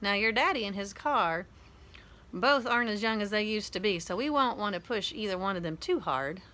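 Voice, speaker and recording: A woman's voice: mid-range voice, animated, moderate pace, sharp tone. A woman reading a storybook aloud, voicing a practical mother of three who lays out a trip plan in an orderly way. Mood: matter-of-fact.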